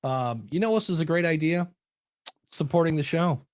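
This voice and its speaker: A man's voice: fairly high pitch, brisk, no echo, clean studio sound. A man hosting a podcast coaching show in casual chat, telling stories animatedly and acting out quoted voices. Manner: animated storyteller who acts out quoted voices.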